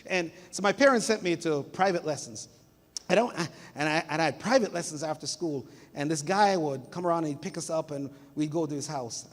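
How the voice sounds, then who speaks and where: A middle-aged pastor from Jamaica preaching with a high, bright-edged voice. He tells stories with energy and slips into voices of the people in them. His voice rings out with long reverb from the church hall. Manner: storytelling, animated, acts out family voices. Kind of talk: sermon. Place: church sanctuary.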